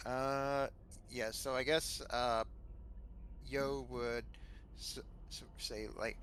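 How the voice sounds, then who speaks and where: Bright, stumbling male player. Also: mid-range voice, level tone, drawn-out words, long pauses, slight background noise. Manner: hesitant, stumbling. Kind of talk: casual tabletop play.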